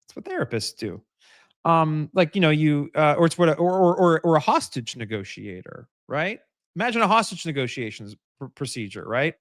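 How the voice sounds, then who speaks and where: A man hosts a live political commentary stream, rambling with many restarts and hammering home repeated phrases. His voice is on the high side with lively intonation at a normal speed, recorded dry in studio quality.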